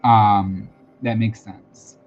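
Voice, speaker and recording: A man's voice: on the low side, flat delivery, very slow, faint music behind. A man hosting a live-streamed tarot and psychic reading, talking casually and reassuringly with lots of fillers and repeated phrases. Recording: dull lo-fi sound with faint background noise.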